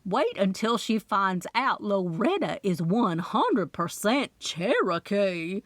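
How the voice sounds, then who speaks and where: A woman's voice: mid-range voice, huge pitch swings, takes it slowly, fairly bright tone, dry recording, exaggerated voice. A woman voicing a wry, sarcastic coffeehouse worker.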